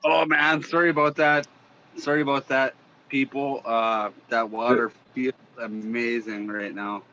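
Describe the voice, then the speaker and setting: A man's voice: medium pitch, flat delivery, unhurried, bright, forceful tone, highs cut off, slight background noise. A man from Northwestern Ontario with a Minnesota-style accent, a chatty podcast guest telling stories and swearing casually. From Northwestern Ontario, Canada. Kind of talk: casual chat.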